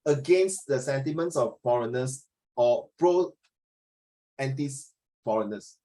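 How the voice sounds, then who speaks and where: A man's voice: mid-range voice, lively intonation, measured pace, warm tone, rough recording. A middle-aged man with a Singaporean accent, teaching an online class in a rambling, chatty way, dropping "ah" and "lah" and switching into Mandarin. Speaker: social studies tutor.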